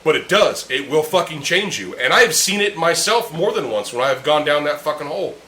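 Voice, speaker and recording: Young guy swearing nonstop in a heated rant, bright voice jumping all over, roomy echo. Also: fairly high pitch, animated, fairly quick. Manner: heated, profane ranting. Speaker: podcast host. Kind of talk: casual chat. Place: room with friends drinking beer. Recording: echoey room with faint ambient noise.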